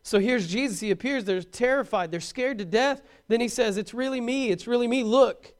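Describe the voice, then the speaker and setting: Male preacher, very high voice, animated sermon delivery with humor. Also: normal speed.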